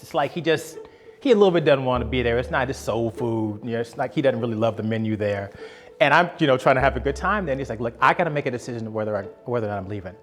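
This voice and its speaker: A man in his fifties, with a voice of middling pitch, tells a family story in a casual, conversational way. He animates the story by performing the voices of the people in it, and music plays quietly behind him. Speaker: guest telling a family story.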